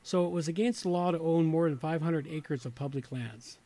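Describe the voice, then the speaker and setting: A man's voice: on the high side, brisk, mellow. A slightly tipsy man hosting a casual livestream, reading from an old reference book and breaking off into muttered, rambling asides. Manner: rambling, muttered asides between read passages. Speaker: host.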